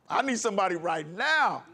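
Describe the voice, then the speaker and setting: A man's voice: high voice, sharp tone. A man preaching a sermon with an impassioned, emphatic delivery, breaking into laughs. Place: congregation hall.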